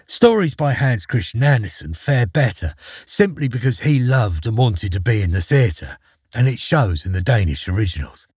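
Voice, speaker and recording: A man narrating a fairy tale aloud in an expressive, theatrical storytelling manner. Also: mid-range voice, normal speed, breathy edge, no echo, studio quality.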